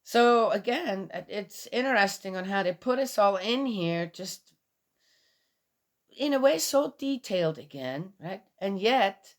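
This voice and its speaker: A woman's voice: mid-range voice, expressive, measured pace. A woman reading a Bible passage aloud and commenting on it in a casual, skeptical way, asking many rhetorical questions.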